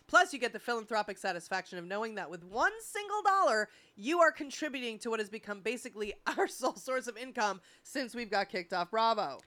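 A woman co-hosting a podcast in casual chat, teasing crudely and rattling off promos quickly. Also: a little high, animated, bright, forceful tone. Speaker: podcast co-host.

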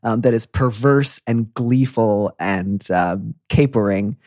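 Animated chatty man, dry close sound. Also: lowish voice, takes it slowly, no room sound. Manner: animated, effusive, breaks into quoted voices. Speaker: podcast host. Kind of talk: casual conversational chat.

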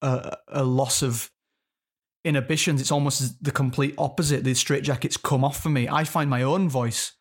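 Thoughtful English actor guest. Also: male voice, medium pitch, fairly even intonation, normal speed, breathy edge. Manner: thoughtful, restarts sentences often. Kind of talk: casual interview chat.

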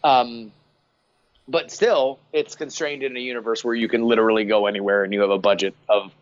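A man guest on a podcast, giving animated, emphatic opinions in casual chat. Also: medium pitch, brisk. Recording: dry, slightly dull sound.

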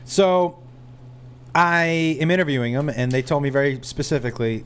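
A man's voice: medium pitch, steady tone, fairly quick, a little hiss or hum. A man co-hosting a podcast, telling an anecdote with a dry, teasing delivery in a casual chat.

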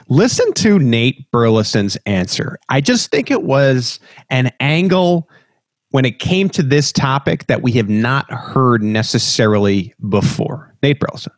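A man's voice: mid-range voice, lively intonation, unhurried, no echo. Guy hosting a football podcast, chatty, mid voice, dry close mic. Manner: conversational, laughs easily. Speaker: podcast host. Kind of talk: casual sports podcast chat.

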